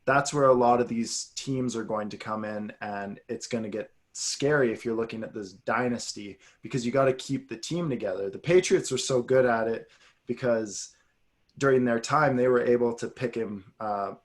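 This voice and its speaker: A man's voice: medium pitch, moderate pace. Rambling man on a sports podcast. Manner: rambling, animated, with tangents. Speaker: podcast co-host. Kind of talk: casual sports chat.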